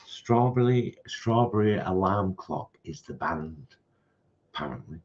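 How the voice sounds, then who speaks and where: Deep voiced guy cracking dry jokes on a livestream, muffled sound. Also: expressive, a little slow, darkish tone. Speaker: co-host of a live stream. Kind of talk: casual live stream chat.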